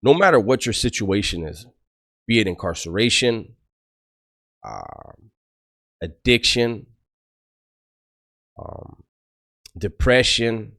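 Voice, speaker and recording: Middle-aged man, low voice, swings up and down a lot; blunt, profane ex-con telling stories to camera. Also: big pitch swings, takes it slowly, gravelly, pauses often, bright, forceful tone. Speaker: former prisoner giving life advice. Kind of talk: casual storytelling to camera.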